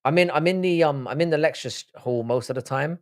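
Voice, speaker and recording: A man's voice: fairly high pitch, fast. A man in his thirties hosts a casual live stream, worn out and chatty. He swears freely and rambles, often restarting his sentences. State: tired. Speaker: livestream host.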